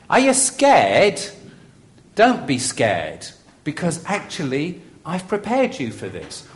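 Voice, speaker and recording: Slow, lively male pastor preaching. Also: mid-range voice. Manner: measured, emphatic preaching with deliberate pauses. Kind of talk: sermon.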